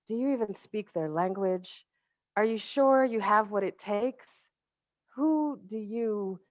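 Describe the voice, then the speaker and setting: A woman's voice: a little high, no room sound. A woman voicing a mocking demon tempter who fires off belittling questions. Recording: dry, dull lo-fi webinar audio.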